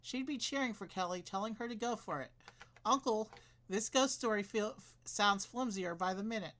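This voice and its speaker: A man's voice: sits high, moderate pace, bright, forceful tone. A man voicing a curious, skeptical young boy in plain read-aloud delivery for a game.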